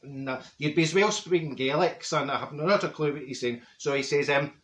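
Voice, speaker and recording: A man's voice: fairly high pitch, a little fast, a bit bright, reverberant, natural voice. A man playing a chatty, straight-talking middle-aged Glasgow woman with a Glaswegian accent, rambling through gossip and mixing up big words in a comic monologue. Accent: Glaswegian Scottish. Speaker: comedy character monologue. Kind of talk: comic storytelling to camera.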